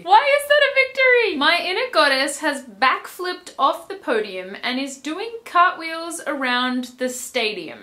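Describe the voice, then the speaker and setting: A woman vlogger giving a comedic book recap, full of wry, sarcastic asides and mock-excited outbursts. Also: on the high side.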